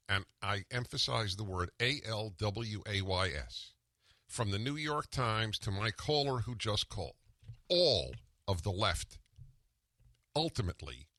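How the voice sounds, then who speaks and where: Older male radio host, forceful and emphatic, bright edge, dry close-miked sound. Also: on the low side, dry recording. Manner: combative, interrupting, emphatic. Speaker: radio talk show host. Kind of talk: talk radio argument and commentary.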